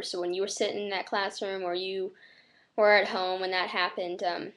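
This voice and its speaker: An American teenage girl speaking earnestly and reflectively to camera, with many fillers and a flat, monotone delivery. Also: mid-range voice, moderate pace. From United States. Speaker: vlogger.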